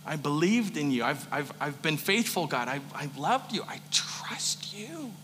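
A man voicing a grieving woman who prays bitterly to God, in halting, repeated pleas. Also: on the high side, lively intonation, a bit bright, in a large hall, a little hiss or hum. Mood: anguished pleading. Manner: pleading, halting, repeated appeals.

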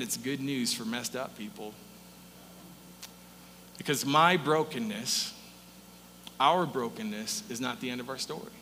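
Male pastor, bright forceful voice, animated sermon delivery, long church reverb with faint hum. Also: medium pitch. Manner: animated, swings from hushed to loud, acts out quotes. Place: church sanctuary.

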